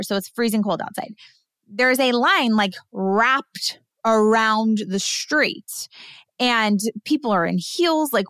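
Woman, thirties, podcast host, casual storytelling, fairly high voice, dry close recording. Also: dry recording. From Southern California. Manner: animated, chatty, laughs often, many fillers.

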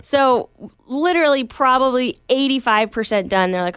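A woman's voice: sits high, lively intonation, moderate pace, few pauses, fairly bright tone, smooth, no room sound. A woman chatting casually on a talk show, rambling through stories and often saying "like". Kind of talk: casual chat.

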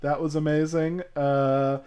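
A man's voice: fairly high pitch, measured pace, clear, resonant tone. A man co-hosting a podcast, chatting casually about a movie, laughing often and acting out favorite lines. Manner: laughs often, quotes film lines in animated voices. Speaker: podcast co-host. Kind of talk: casual chat about a film.

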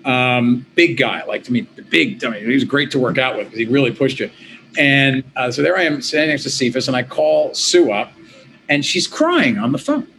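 A middle-aged man, an interview guest, telling his story in a lively, conversational way, with quick restarts and quoted voices. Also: medium pitch, vocal fry, a little hiss or hum, low-quality recording. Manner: animated, quick restarts, quotes himself and others.

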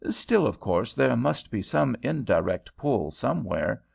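A man's voice: medium pitch, big pitch swings, unhurried, gravelly, darkish tone, breathy edge, heavily acted. A man reading aloud, voicing an easygoing American traveller who questions things in a mildly skeptical, drawling way. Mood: musing. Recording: dull lo-fi home recording.

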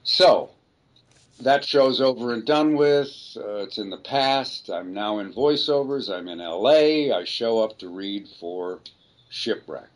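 A man's voice: medium pitch, expressive, takes it slowly, poor audio. An older man, a voice actor, telling rambling anecdotes in an interview and often correcting himself mid-sentence. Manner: rambling, self-correcting storyteller. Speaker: voice actor guest.

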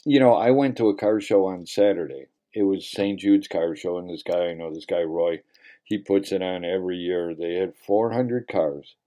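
A man's voice: sits low, moderate pace, warm tone. A man hosting a radio talk show, chatting casually and telling jokey, emphatic stories.

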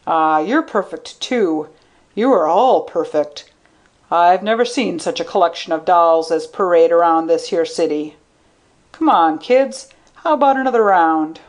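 A woman voicing a fat, brash man who talks in a loud, blunt drawl. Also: on the low side, animated, a little slow.

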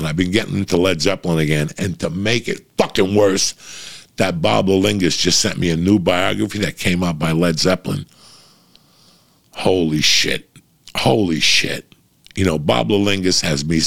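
A man's voice: sits low, vocal fry. A middle-aged man talking casually to his listeners in a blunt, profane, rambling monologue.

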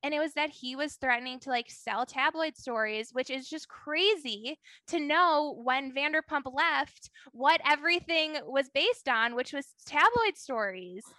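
Bright, rambling woman podcast host. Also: high voice, lively intonation, a little slow, hardly any pauses, no room sound. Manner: rambling, filler-heavy. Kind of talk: casual chat.

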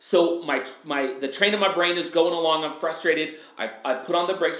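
A man talking on a podcast, lively and casual, who acts out little quoted lines in other voices. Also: a little high, fairly quick, hardly any pauses, echoey room. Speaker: guest speaker. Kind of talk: energetic podcast interview.

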